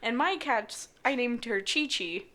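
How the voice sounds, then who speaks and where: A woman's voice: on the high side, expressive, measured pace, pushed and bright. A woman in her twenties hosting a podcast, telling stories in casual chat and giggling often. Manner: chatty storyteller, giggly. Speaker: podcast host.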